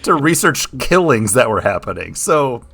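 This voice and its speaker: A man's voice: mid-range voice, very animated, moderate pace, vocal fry, a bit bright, husky. A man co-hosting a podcast, riffing wryly and sarcastically in a casual book chat. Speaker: podcast co-host.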